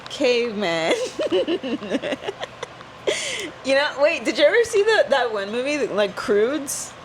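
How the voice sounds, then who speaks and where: A woman's voice: high-pitched, sing-song, slow, a little hiss or hum. A woman chatting casually on a podcast, rambling through stories with lots of "like". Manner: rambling, fills with "like", storytelling. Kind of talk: casual chat.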